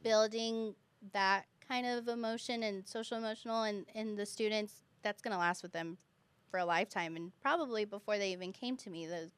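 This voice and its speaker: A woman's voice: medium pitch, brisk, smooth, no room sound. A woman who teaches kindergarten, chatting as a guest on a podcast and acting out her students' voices. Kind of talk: casual podcast chat.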